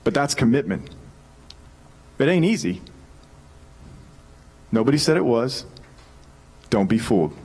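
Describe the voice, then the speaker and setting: A man in his thirties preaching a sermon, telling a personal story in an energetic, joking way. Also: medium pitch, unhurried, long pauses, slightly rough. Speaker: pastor.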